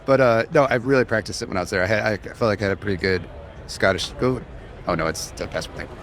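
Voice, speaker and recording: Man, podcast co-host, fairly low voice, rambling casual chat, faint background noise. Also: fast talker. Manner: rambling, laughing, many restarts. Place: conference hall floor.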